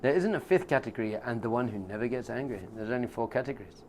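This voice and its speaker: Joking rabbi giving a casual class. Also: male voice, mid-range voice, animated, quick pace, a little mellow, a little hiss or hum. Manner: conversational, jokey, laughs often, acts out quotes. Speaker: rabbi teaching. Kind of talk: informal Torah class.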